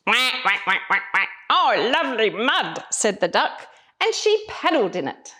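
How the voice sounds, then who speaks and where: A woman reading a picture book aloud to young children, slow and expressive, doing voices for the animals. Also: fairly high pitch.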